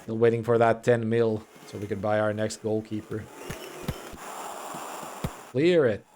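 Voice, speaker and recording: A man's voice: lowish voice, little pitch movement, a little slow, darkish tone, a little hiss or hum. A young Finnish man with a Finnish accent, a native Finnish speaker, giving casual, mumbly commentary while streaming a game. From Finland. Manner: mumbling, words run together.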